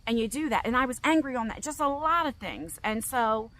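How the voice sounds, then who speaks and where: Middle-aged woman with a bright voice, speaking openly and emotionally to her subscribers, stumbling over her words. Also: a little high, animated, brisk, poor audio. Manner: open, emotional, rambling with restarts. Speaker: vlogger. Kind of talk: emotional personal vlog.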